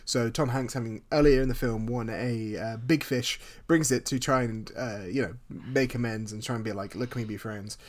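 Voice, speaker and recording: A man's voice: medium pitch, moderate pace, hardly any pauses. A man co-hosting a podcast, recapping a film casually with wry, joking asides. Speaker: podcast co-host.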